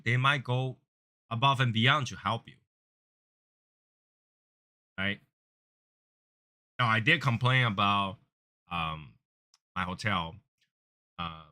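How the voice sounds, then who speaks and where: Speaking slowly and stopping often, a cigar channel host chats in an easygoing yet earnest way. He loops back over the same points, and his voice turns louder and higher when he acts out angry callers.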